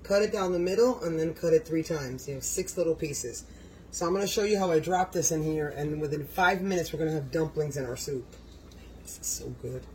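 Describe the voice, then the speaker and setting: A man's voice: fairly high pitch, a little fast, low-quality recording. An effusive man with a slightly raised voice gives a casual cooking demonstration in his home kitchen. He speaks directly to his viewers and gushes over each dish. A faint room hum sits behind him. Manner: effusive, exclaims often, talks to viewers. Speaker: home cook vlogger.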